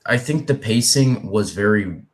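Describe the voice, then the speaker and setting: A man co-hosting a casual review chat who addresses the viewers in an unhurried way. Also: fairly low pitch, animated, darkish tone. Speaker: co-host.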